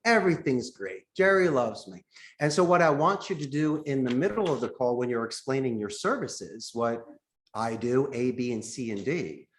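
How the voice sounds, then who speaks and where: A man on a podcast teaching phone sales, his voice sitting at an ordinary middle pitch. He talks like a coach, jumping into little acted-out phone calls to show each technique. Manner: acts out sample phone calls as he explains. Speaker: call center founder, podcast guest.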